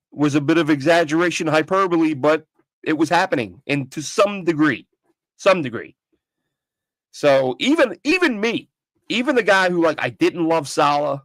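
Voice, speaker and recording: A man whose voice sits on the high side hosts an easygoing sports talk show from his home studio, his dog close by. He rambles, offers strong opinions, and frequently restarts sentences; the audio has no room sound.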